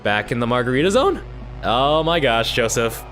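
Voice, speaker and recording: A man hosting a game playthrough, throwing out joking reactions in a lively, swooping voice. His excitable commentary jumps around in pitch, with soft game music playing under him. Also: normal speed. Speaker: gaming channel host.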